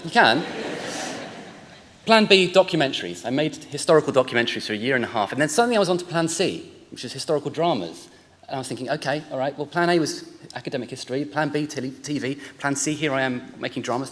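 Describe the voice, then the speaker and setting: A man's voice: mid-range voice, a bit bright. A man in his forties giving a chatty, self-deprecating acceptance speech, a little emotional and rambling. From England. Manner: chatty, jokey, rambling with restarts. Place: large ceremony hall. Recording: long hall reverb.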